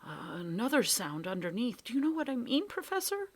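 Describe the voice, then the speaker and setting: A woman's voice: a little high, sing-song, a little fast, voice pushed up. A woman voicing an eager young boy explorer in a read-aloud storybook. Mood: tentative. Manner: eager, shouting.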